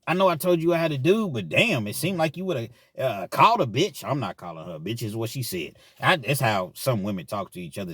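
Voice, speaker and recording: A man's voice: medium pitch, sing-song, brisk, hardly any pauses, fairly bright tone, dry recording. A man telling a personal story in casual, slangy talk as a vlog host. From Kentucky, US.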